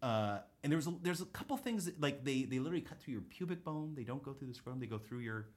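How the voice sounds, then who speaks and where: A man in his forties, a guest on a comedy talk show, telling a story with animated delivery and acting out the people in it. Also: medium pitch, quick pace. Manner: animated, acts out quoted people. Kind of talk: comic storytelling.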